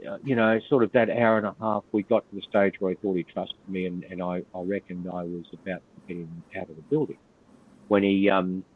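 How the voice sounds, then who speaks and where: An older Australian man with a deep, husky voice tells stories as a guest in a casual podcast interview, heard over a tinny line. A retired police officer, he's blunt, profane, and laid-back.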